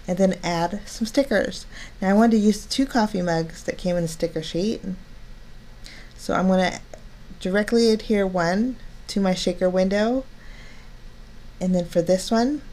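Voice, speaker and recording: A woman's voice: lowish voice, darkish tone. A woman narrating a card-making tutorial, chatty and step-by-step, delighted with her work.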